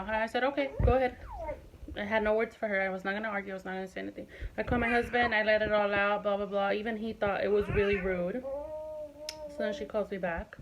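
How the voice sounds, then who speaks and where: A woman's voice: medium pitch, steady tone, fast, background noise. A woman in her twenties speaking to her viewers in a personal vlog, impassioned and emphatic, repeating points for stress. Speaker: vlogger.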